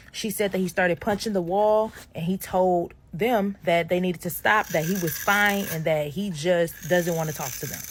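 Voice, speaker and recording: A woman's voice: on the low side, a little hiss or hum. A woman from Detroit telling a true ghost story to her followers, chatting straight to viewers and acting out the people in it. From Detroit, USA. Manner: chatty, addresses viewers directly, acts out voices.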